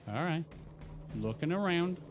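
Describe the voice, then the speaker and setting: A man's voice: a little high, animated, unhurried, music in the background. A man in his thirties doing live gameplay commentary, bantering playfully and teasing his chat. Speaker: streamer.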